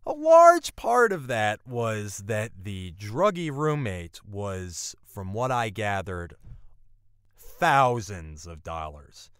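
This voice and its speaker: A man telling a personal story, wry and animated. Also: slow, smooth, no echo, studio quality. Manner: wry, animated storytelling with lively pitch swings. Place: apartment life in New York City.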